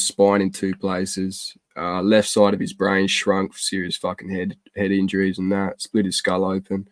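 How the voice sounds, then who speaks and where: A man's voice: sits low, darkish tone, no echo. A man, telling stories in a casual, sweary chat and acting out the voices of people he quotes. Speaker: podcast host.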